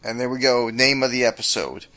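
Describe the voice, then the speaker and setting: A man's voice: medium pitch, brisk, pushed and bright, rough recording. A man co-hosting a podcast, chiming in with laid-back agreement during casual chat. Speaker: podcast co-host.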